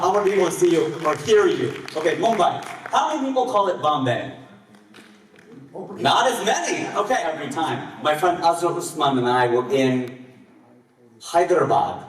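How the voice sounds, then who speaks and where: Animated man doing stand-up in an echoey hall. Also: distant mic. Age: 40s. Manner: animated, with jumps up in pitch and volume on punchlines. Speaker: stand-up comedian. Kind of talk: live stand-up comedy set. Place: festival stage before a live audience.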